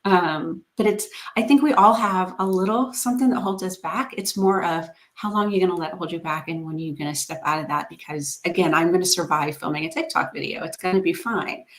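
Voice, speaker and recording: A woman's voice: lowish voice, brisk, few pauses. A woman talking as an interview guest, upbeat and encouraging, laughing often, heard over a video call. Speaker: guest, content coach. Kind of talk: casual interview chat.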